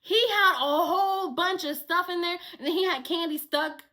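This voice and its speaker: Very high-voiced woman telling a story. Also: normal speed. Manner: animated, swears a lot, acts out dialogue. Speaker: storytime vlogger. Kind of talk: casual storytime.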